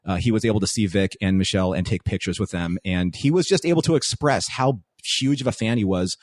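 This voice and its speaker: A man, a guest on a podcast, telling stories in casual chat with animated delivery. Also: fairly low pitch, a little fast, dry recording, studio quality. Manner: animated storytelling.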